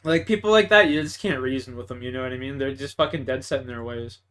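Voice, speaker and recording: A man's voice: mid-range voice, fast talker. A young man with a Canadian accent, chatting and ranting casually and profanely while streaming a game. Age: young adult. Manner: profane, ranting, swings between loud and mumbled. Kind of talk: casual chat while gaming.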